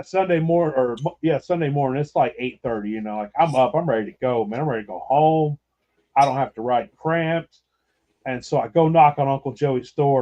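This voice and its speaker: A man's voice: mid-range voice, warm tone, muffled recording. A man hosting a podcast, telling a rambling, profane story with laughter in casual chat. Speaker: podcast host.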